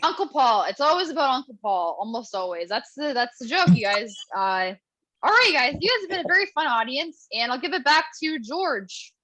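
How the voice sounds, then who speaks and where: A woman's voice: high-pitched, sing-song, brisk, bright, forceful tone, no room sound, poor audio. A young woman from Canada doing a chatty stand-up set over a video call, with ironic asides. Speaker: stand-up comedian.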